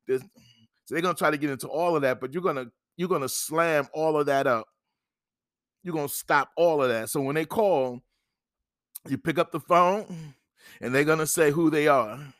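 A man's voice: mid-range voice, normal speed, a bit bright, no room sound, clean studio sound. A middle-aged man hosting an advice podcast, talking emphatically and repeating himself, acting out both sides of a phone call. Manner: repetitive, emphatic, acts out phone calls. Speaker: podcast host giving credit advice. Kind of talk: instructional podcast monologue.

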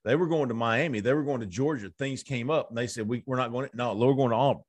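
A man's voice: mid-range voice, quick pace. A man hosting a casual sports recruiting chat, telling stories with lots of stammered restarts. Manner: stammering restarts, animated storytelling. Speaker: podcast host.

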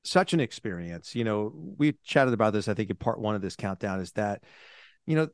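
Brief: upbeat male co-host, slightly low voice, dry close mic. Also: animated, brisk, a little mellow, clear, resonant tone, no echo. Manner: enthusiastic and upbeat. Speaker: podcast co-host. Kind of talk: casual chat.

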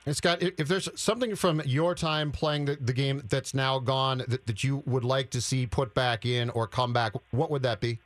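A man's voice: mid-range voice, steady tone, normal speed, few pauses. A male sports radio co-host giving news and analysis in a wry, matter-of-fact way.

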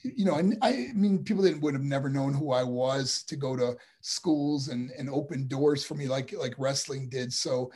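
Husky-voiced man telling rambling stories. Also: mid-range voice, normal speed, few pauses. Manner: rambling, animated storytelling with restarts. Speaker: guest, former wrestler and boxer. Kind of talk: casual interview chat.

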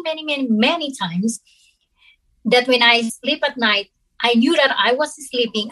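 Woman, slightly high voice, halting, earnest, personal storytelling. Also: fairly bright tone, husky, low-quality recording. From Philippines. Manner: halting, earnest, with frequent pauses and restarts. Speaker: interview guest.

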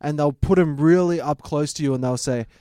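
A man co-hosting a comedy podcast, joking and often trailing off quietly. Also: on the high side, brisk, no room sound, studio quality. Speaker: podcast co-host. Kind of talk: casual comedic banter.

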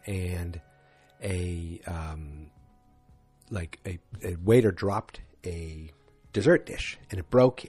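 A man's voice: sits low, a little mellow, slightly rough. Rambling man recapping a TV episode. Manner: rambling, with many fillers and quoted voices. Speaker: show recapper.

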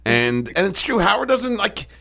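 A man's voice: sits high, very animated, moderate pace, vocal fry, a loud crowd. A man hosting a casual interview, blunt and laughing along, swearing now and then. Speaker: host.

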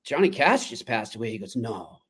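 A man co-hosting a sports podcast, telling stories in a chatty, lively way. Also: fairly high pitch, normal speed. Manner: chatty storyteller, lively and laughing. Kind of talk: casual sports talk.

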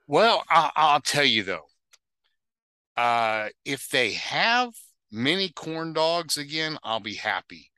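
A man's voice: a little high, very animated, slow pace, sharp tone, smooth, no echo. A man hosting a casual sports podcast, rambling and correcting himself as he goes. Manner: rambling, self-correcting, chuckles. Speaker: podcast host. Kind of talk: casual interview chat.

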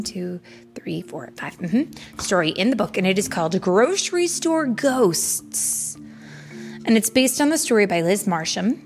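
A woman reading a children's story aloud to her child in a gentle, playful way. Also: on the high side, creaky.

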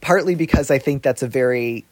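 A man's voice: medium pitch, brisk, slight background noise. A man talking as an advice-column guest in a casual podcast chat, rambling and openly hedging his views. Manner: rambling, self-aware hedging.

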